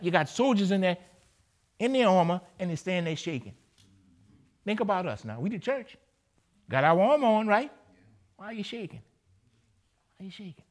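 A man's voice: fairly high pitch, darkish tone. A man preaching a sermon, repeating phrases and checking in with his listeners. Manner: emphatic, repeats phrases and asks the listeners "right?".

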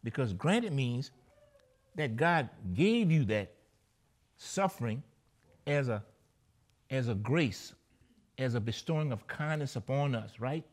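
A man's voice: mid-range voice, animated, slow pace, pauses often. A man preaching a sermon, repeating phrases and checking in with his listeners. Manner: emphatic, repeats phrases and asks the listeners "right?".

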